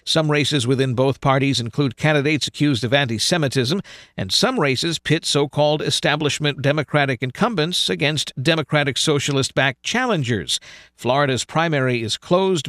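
A man, a news correspondent, reading a scripted report in a steady, formal way. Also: fairly high pitch, no echo, studio quality.

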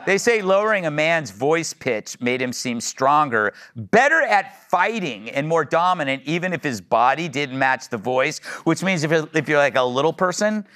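A man's voice: a little high, animated, bright, forceful tone. A man hosting a TV panel show, bantering with wry jokes. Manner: wry, quick to joke. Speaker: talk show host.

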